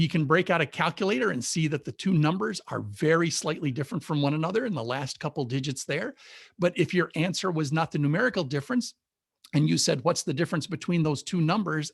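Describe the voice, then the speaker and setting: Higher-voiced man explaining physics. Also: animated, brisk, gravelly, husky, dry recording, clean studio sound. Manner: explanatory, enthusiastic, lists facts methodically. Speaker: science talk presenter. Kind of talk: informal public science talk over video call. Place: home or office on a webinar. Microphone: video call mic.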